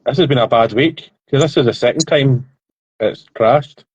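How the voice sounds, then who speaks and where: A man's voice: mid-range voice, fast talker, slightly rough, muffled recording. A man hosting a podcast, easygoing and apologetic in casual chat over a call. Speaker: podcast host.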